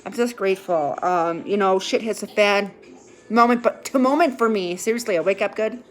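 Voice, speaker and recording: A woman's voice: medium pitch, normal speed. Woman rambling on camera about her life, lots of ums and restarts, swears a bit, gets teary and laughs it off. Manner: candid, rambling, with frequent fillers and restarts and occasional swearing. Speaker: vlogger sharing her recovery. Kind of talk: casual rambling monologue.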